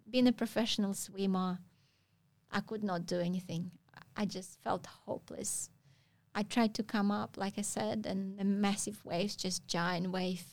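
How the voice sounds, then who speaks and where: A woman from Russia, a guest in a casual storytelling interview, tells a story in a medium-pitched voice. Her non-native phrasing is halting, with frequent pauses, and the recording is dry.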